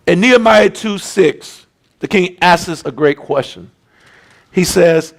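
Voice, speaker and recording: Gravelly, fiery preacher man. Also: high voice, animated, normal speed. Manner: shouting, rhythmic preaching with colloquial asides. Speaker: bishop preaching. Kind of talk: sermon.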